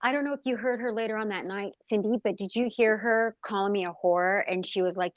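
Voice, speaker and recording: A woman's voice: mid-range voice, fairly quick, hardly any pauses. A woman speaks bluntly and indignantly as a livestream co-host, swearing freely. The sound is dry and a little dull, with no room echo. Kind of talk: casual livestream chat.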